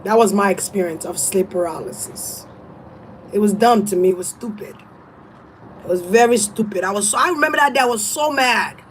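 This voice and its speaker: A woman's voice: mid-range voice, fairly quick, slight background noise, rough recording. A woman reading tarot and giving casual spiritual advice in a blunt, emphatic, profane way. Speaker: tarot reader.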